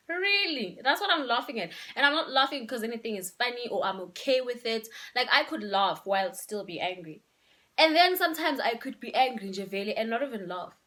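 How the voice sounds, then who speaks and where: A woman's voice: fairly high pitch, fairly bright tone. A young woman, giving relationship advice in a casual, emphatic vlog and slipping in local words. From Eswatini. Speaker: vlogger.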